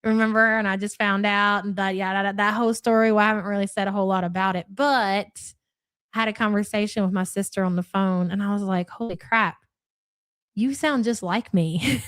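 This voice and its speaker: A woman's voice: medium pitch, brisk, fairly bright tone, clear, resonant tone, dry recording. A woman from Kentucky with a Louisville accent, hosting a live reaction stream and reading out chat messages in a blunt, chatty way. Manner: chatty, blunt, swears casually.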